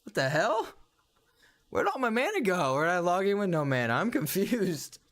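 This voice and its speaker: A man's voice: sits high, sing-song, moderate pace, a bit bright. A man livestreaming a game and chatting casually, ranting bluntly in slang. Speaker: gaming livestreamer. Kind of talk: casual livestream chat while playing.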